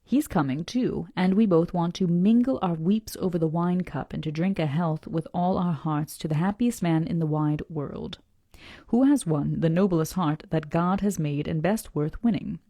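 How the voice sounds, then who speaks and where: A woman's voice: fairly low pitch, normal speed, no echo, studio quality. A woman hosting a live book club, reading a classic novel aloud and stumbling now and then over names, with whispered asides and chatty comments to her viewers. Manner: drops into soft whispered asides; self-deprecating and talks straight to her viewers. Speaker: book club livestream host.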